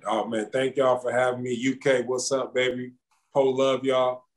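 A man, a former basketball champion, talking casually as an interview guest in a relaxed, slangy way that repeats words. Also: medium pitch, moderate pace, rough recording.

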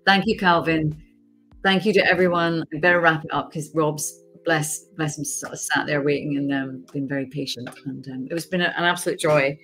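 A woman's voice: deep voice, fairly even intonation, brisk, a bit bright, faint music behind. A woman, an actress, chatting casually with fans on a signing livestream from home, laughing often as she reads the chat aloud.

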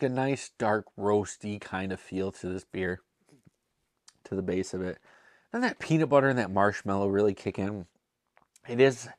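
A man's voice: lowish voice, no echo, studio quality. A man hosting a casual beer tasting review, talking chattily and enthusiastically with self-deprecating asides. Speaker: beer reviewer and show host.

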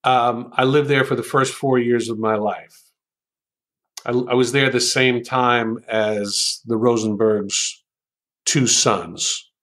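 An older American man speaks slowly and deliberately in an interview, often pausing with ums as he works through ideas. His voice sits at a middle pitch, and he savors quoted sentences as he reads them aloud. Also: steady tone, a bit bright. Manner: thoughtful, hesitant with many ums, savors quoted lines. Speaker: author and writing coach, interview guest. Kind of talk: conversational interview, explaining with examples.

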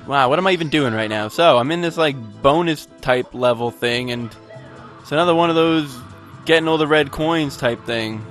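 A man's voice: a little high, moderate pace, a bit bright, faint music behind. A man giving casual gameplay commentary, frustrated and profane, rambling while a bit tipsy. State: tipsy from drinking. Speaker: let's play gamer.

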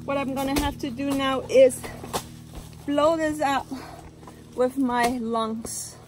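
A woman's voice: high voice, steady tone, takes it slowly, a little mellow, slight background noise. A woman vlogging to camera from inside a tent in a forest, talking dramatically with lots of exclamations. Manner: exclaiming, dramatic, keeps saying oh my gosh. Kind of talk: casual vlog to camera.

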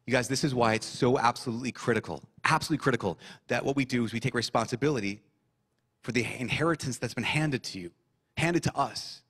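Impassioned priest repeating phrases for emphasis. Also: male voice, mid-range voice, husky. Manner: soft, slow prayer voice. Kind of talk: sermon to a young audience.

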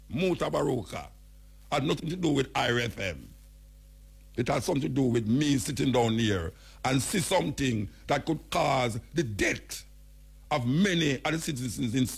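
A man's voice: mid-range voice, creaky, husky. A man from Jamaica with a Jamaican accent, hosting a radio talk show and speaking bluntly and emphatically while calling out officials by name. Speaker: radio host.

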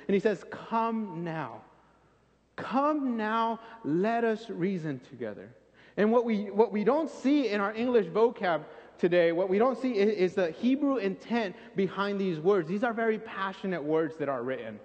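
A man's voice: sits high, lively intonation, normal speed, a little mellow. A man preaching a sermon in an earnest, pleading way, often repeating himself for emphasis. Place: church sanctuary. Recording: dull recording in a reverberant church.

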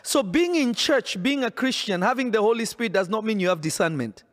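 A man's voice: high voice, expressive, brisk. A man preaching a sermon in an emphatic, insistent way, often repeating his phrases.

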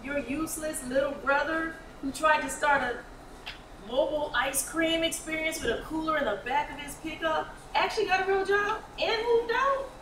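A woman playing a brisk, commanding office manager in a staged reading of a TV script. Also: high voice, lightly acted. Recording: echoey room, mic far, noisy.

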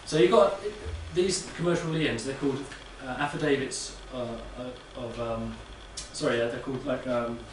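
A man's voice: medium pitch, steady tone, moderate pace, few pauses. A man speaking to a live audience in a chatty, rambling way, often checking in with "yeah?". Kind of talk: casual talk to a live audience. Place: room with an audience. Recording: echoey room, distant mic, faint noise.

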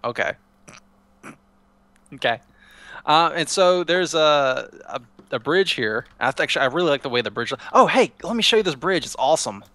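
A man's voice: on the high side, expressive, moderate pace, long pauses, sharp tone, no room sound. A man casually showing a Minecraft server to a friend, rambling and restarting his sentences. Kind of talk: casual gameplay chat.

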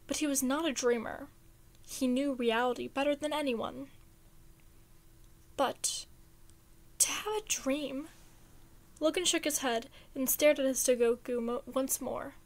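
A woman reading fan fiction aloud in a casual, chatty and expressive way. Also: sits high.

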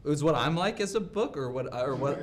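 A young man joking his way through a dating game, with a deadpan, drawn-out delivery. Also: a little high. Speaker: dating show contestant. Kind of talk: playful comedic banter.

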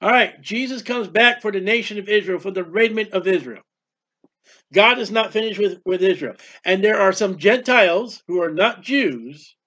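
Male preacher with a high voice, fervent, punchy rhetorical questions, dull lo-fi sound. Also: expressive, moderate pace, sharp tone. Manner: fervent, fires off rhetorical questions, declaims scripture. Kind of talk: sermon-style Bible teaching.

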